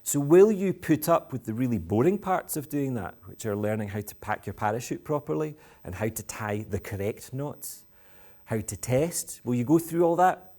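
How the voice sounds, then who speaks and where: A man's voice: mid-range voice, animated, moderate pace, warm tone. A Scottish man giving a talk to school parents in a playful, provocative, self-mocking way. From Scotland. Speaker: education speaker. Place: school event with live audience.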